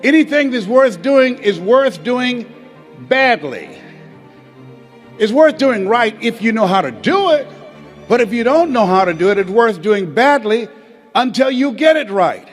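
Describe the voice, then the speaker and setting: Male motivational speaker, pitched high, delivers with preacher-like emphasis and repetition over faint music. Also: lively intonation, a little slow. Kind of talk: motivational speech to an audience. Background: faint background music.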